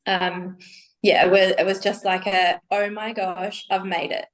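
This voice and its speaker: A woman's voice: mid-range voice, little pitch movement, a little slow. A woman guest on a casual podcast, hesitant and often searching for words as she answers. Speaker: podcast guest, bikini athlete.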